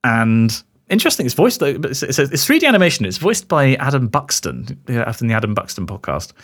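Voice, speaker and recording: Young English man, podcast co-host, animated pitch, quick to laugh. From England. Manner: animated, laughs often, jokey. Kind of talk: casual chat.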